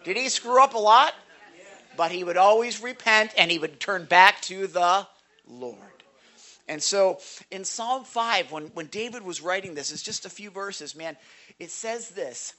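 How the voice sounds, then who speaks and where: A man's voice: high-pitched, unhurried, bright, forceful tone. A male pastor giving a short sermon devotional to a congregation, emphatic and stumbling over repeated words.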